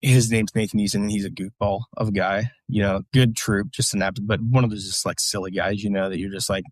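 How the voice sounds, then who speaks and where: A man's voice: on the low side, steady tone, quick pace, few pauses, dry recording. A man, a military veteran, casually telling blunt, profane war stories as a podcast guest, with many fillers. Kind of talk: casual storytelling.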